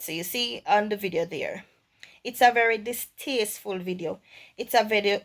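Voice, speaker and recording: Earnest woman vlogger giving commentary. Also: medium pitch. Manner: earnest, measured, moralizing, with small restarts. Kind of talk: casual commentary to camera.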